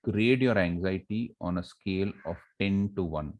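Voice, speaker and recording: A middle-aged college academic director with an Indian English accent gives students a motivational lecture on facing exams, repeating key phrases and quizzing them with rhetorical questions. His deep voice is a little mellow at a moderate pace, with the highs cut off.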